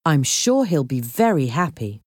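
A woman narrator voicing a calm older man, a museum director in a storybook, speaking in a measured, kindly way. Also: deep voice, no room sound, studio quality, exaggerated voice.

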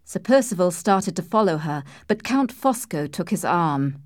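A woman narrating a classic novel in a calm, measured storytelling voice. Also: fairly low pitch, no room sound, clean studio sound. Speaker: audiobook reader. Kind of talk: scripted narration.

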